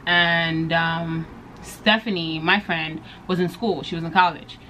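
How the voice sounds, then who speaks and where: A woman's voice: a little slow, a little hiss or hum. A young woman vlogger telling a story in casual chat, acting out what people said and laughing often. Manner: animated storyteller, acts out quotes with big pitch jumps, laughs often. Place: bedroom.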